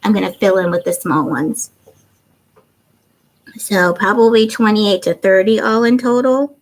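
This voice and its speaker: A woman's voice: medium pitch, a little slow, poor audio. A middle-aged woman hosting a craft livestream, chatting casually and reading out viewers' comments. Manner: chatty, warm, reads viewer comments aloud.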